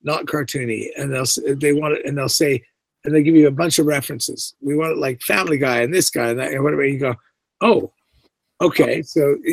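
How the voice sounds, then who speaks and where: A male actor chats as a guest, spinning anecdotes with animated energy and slipping into the voices of the people he quotes. His voice sits a bit high for a man. The sound is close and dry, with no room around it. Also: dry recording. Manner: animated, acts out quoted lines, many fillers. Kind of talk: casual interview storytelling.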